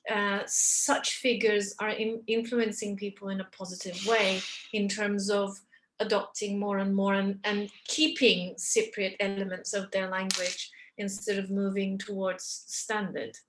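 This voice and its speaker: A woman's voice: mid-range voice, a little hiss or hum. A woman speaking on a panel discussion, earnest and explanatory.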